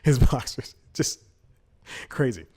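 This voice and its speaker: A man's voice: medium pitch, animated, takes it slowly, dark tone, slightly rough. A man in his twenties hosting a comedy podcast, telling a story in a rambling way, restarting sentences and laughing at himself. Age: 20s. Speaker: podcast host.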